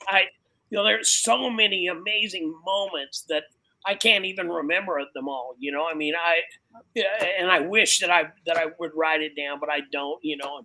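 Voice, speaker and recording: A man's voice: on the high side, normal speed, pushed and bright, poor audio. A pastor speaking casually and animatedly, dropping "man" and "you know" into nearly every sentence. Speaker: pastor and biker ministry guest. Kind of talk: casual conversation.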